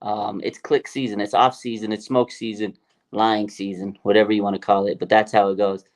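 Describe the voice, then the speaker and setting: A man's voice: lowish voice, little pitch movement, brisk. A man hosting a casual sports livestream, often laughing and mocking rumors while reading out chat comments. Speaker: sports show host. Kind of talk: casual live-stream commentary.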